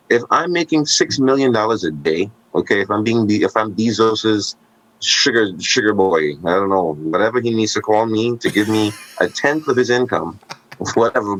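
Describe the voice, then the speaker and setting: A man co-hosting a podcast, telling stories in casual conversation with animated asides and jokes. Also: lowish voice, no room sound, rough recording. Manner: animated storytelling, joking asides.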